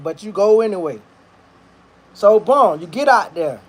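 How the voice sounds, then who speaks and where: High-voiced man telling a profane story. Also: lively intonation, normal speed. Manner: profane, slangy, rambling. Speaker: commentator. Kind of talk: casual storytelling commentary. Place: kitchen, cooking while talking.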